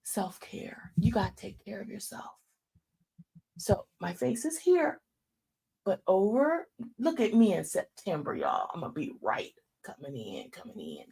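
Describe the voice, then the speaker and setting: A woman in her fifties hosting a faith talk show, preaching in a casual, folksy way and dropping into hushed asides. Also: on the low side, vocal fry, slightly rough. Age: 50s.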